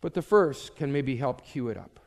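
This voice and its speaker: A man preaching a sermon as pastor, telling a story and swinging from loud to hushed. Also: mid-range voice, expressive, moderate pace, vocal fry, in a large hall.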